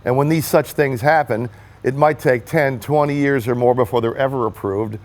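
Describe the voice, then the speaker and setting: A man's voice: medium pitch, normal speed, darkish tone. A man telling a personal story in an earnest, emphatic way, speaking as a political rally supporter giving a testimonial. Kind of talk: personal story told to the camera.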